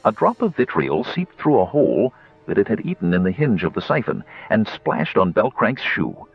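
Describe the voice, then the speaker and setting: A man reading an audiobook as narrator, telling the story in an expressive way. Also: lowish voice, moderate pace, slightly rough, dry recording, highs cut off, faint music behind.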